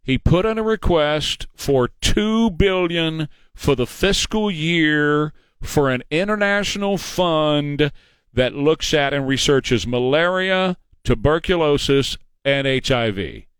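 A middle-aged man hosting a talk show, delivering a combative, sarcastic political monologue at a fast clip. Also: a little high, animated, fairly bright tone, smooth, dry recording. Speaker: radio talk show host.

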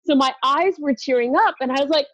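A woman guest speaker telling an expressive story in conversation, laughing as she goes. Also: high voice, a little fast, no room sound. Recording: dull, dry, muffled sound.

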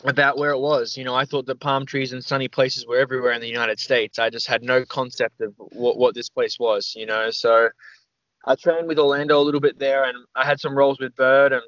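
A man's voice: mid-range voice, fairly even intonation, brisk, fairly bright tone, dry recording. A young man, a podcast guest, telling stories in a loose, rambling way, full of "like" and "man". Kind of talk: casual storytelling interview. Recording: slightly dull, dry recording.

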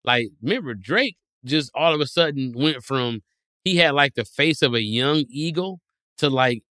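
A man in casual comedic conversation, spinning wild theories in a playful, animated way and slipping into exaggerated quoted voices. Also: mid-range voice, moderate pace, no echo, studio quality. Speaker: guest.

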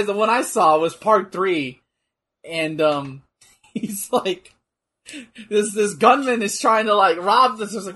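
A man's voice: sits high, moderate pace, pushed and bright. A man chatting casually while watching wrestling, rambling and laughing as he tells a story. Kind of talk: casual chat.

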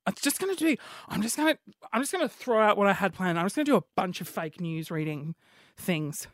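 High-voiced aussie guy rambling on his own podcast, excitable, dry close mic. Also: fairly quick, dry recording. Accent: Australian. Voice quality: high-pitched voice. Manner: excitable, rambling, self-mocking. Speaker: podcast host. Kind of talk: casual solo podcast chat.

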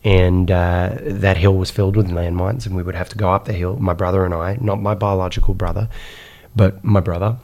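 A man from Iraq telling his life story as a guest, in an animated way with frequent fillers and "right?". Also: sits low, fairly quick, lo-fi sound. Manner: animated, repeats "right?" and "insane", many fillers. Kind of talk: personal storytelling in conversation.

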